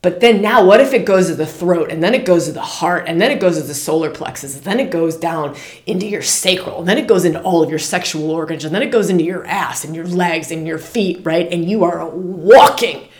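A woman hosting a spiritual podcast in a casual, animated way, often repeating words and phrases for emphasis. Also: fairly low pitch, fairly quick. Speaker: podcast host. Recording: roomy echo.

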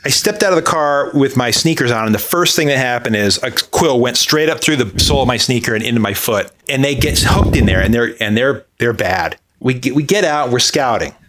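A man tells a comic tale on a podcast, mocking himself and acting out each line he quotes. His pitch swings widely from low to high as he goes. A faint hiss sits under the recording. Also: a little fast, hardly any pauses. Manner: animated, self-mocking, acts out quoted dialogue. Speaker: podcast guest. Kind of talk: comic storytelling.

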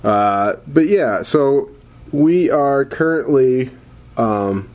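A man's voice: mid-range voice, lively intonation, a little mellow. A man co-hosting a podcast, chatting and joking casually with many fillers and restarts. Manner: rambling, halting with many fillers. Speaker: podcast co-host.

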